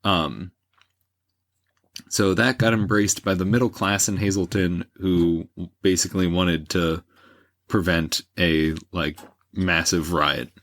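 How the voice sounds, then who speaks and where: Low-voiced man rambling through history. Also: steady tone, slow, fairly bright tone, no room sound. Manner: rambling, many fillers and restarts. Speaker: podcast host explaining history. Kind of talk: casual history podcast chat.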